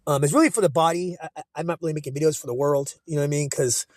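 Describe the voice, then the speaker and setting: A man giving an informal scripture breakdown on a cell phone, rambling and profane with many restarts, reading verses slowly. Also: fairly high pitch, fairly even intonation, no room sound. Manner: reads verses slowly in old-style diction. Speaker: self-taught scripture teacher.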